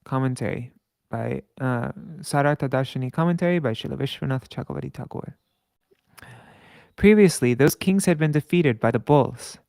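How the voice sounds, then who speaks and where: A man reading scripture aloud with commentary. He chants verses slowly and stops to correct his own slips. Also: medium pitch, gravelly, a little mellow, dry recording. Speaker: scripture reader.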